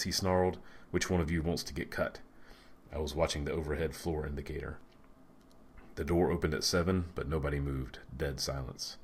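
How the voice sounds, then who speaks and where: A man narrating an audiobook in a measured, dry storytelling manner. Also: extremely low pitch, a little hiss or hum.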